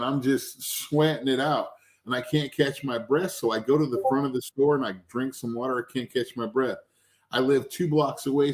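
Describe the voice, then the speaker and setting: A man who is the guest, a cannabis extract maker, telling casual stories with lively anecdotes and acting out the people he quotes. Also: mid-range voice. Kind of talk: casual storytelling.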